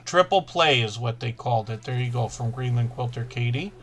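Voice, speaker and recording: Fast-talking man hosting a live chat. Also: mid-range voice, fairly bright tone. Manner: fast-talking, self-correcting, chatty. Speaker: livestream host.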